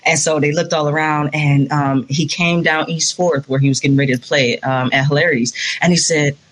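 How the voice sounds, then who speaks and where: A woman's voice: low voice, steady tone, fairly quick. A woman saxophonist as an interview guest, chatting casually and telling stories with enthusiasm and frequent laughter. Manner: enthusiastic storyteller, laughs often.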